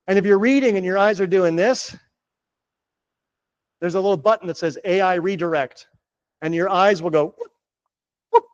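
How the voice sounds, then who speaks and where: Guy coaching a room, high pitched, chatty and upbeat, says right a lot, slightly dull live recording. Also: darkish tone. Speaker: real estate coach and presenter. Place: office meeting room.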